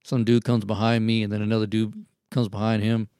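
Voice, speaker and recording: A man's voice: fairly low pitch, level tone, a little fast, warm tone, clean tone, no echo, studio quality. A man telling a wild story in casual, profane podcast chat, acting out the quotes. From Houston, Texas.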